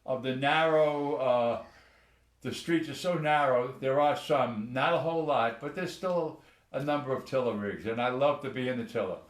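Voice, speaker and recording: Older male ex-firefighter, mid-pitched, plainspoken, echoey room. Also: normal speed. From United States. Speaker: retired firefighter, live stream host. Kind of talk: casual live chat.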